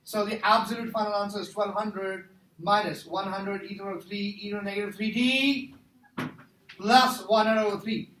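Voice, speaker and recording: A man's voice: high voice, fairly even intonation, normal speed, a bit bright. A man teaching a math class, joking with students and quizzing them as he works problems. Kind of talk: classroom lecture. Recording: echoey room from far off, faint noise.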